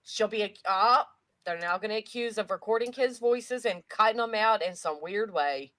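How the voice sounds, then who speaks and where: A woman hosting a casual livestream chat, animated and laughing a lot, often trailing off mid-sentence. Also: mid-range voice, normal speed, no room sound. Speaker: livestream host.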